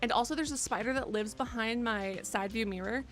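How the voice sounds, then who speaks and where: A woman in her twenties chatting casually to her live-stream audience, rambling and self-mocking, with sudden loud excited bursts. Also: a little high, fairly quick. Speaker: game streamer. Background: faint background music.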